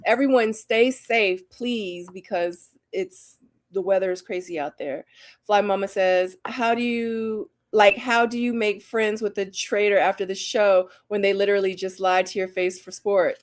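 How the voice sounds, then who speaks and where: A woman's voice: medium pitch, steady tone, a little slow. A woman hosting a live reality TV review stream, chatting casually with viewers and laughing often. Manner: upbeat, affectionate, laughs often. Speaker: host of a reality TV review channel.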